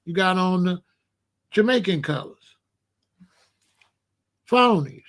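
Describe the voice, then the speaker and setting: A man's voice: sits high, animated, slow pace, fairly bright tone. A man from Chicago hosting a blunt, profane commentary rant. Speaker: host.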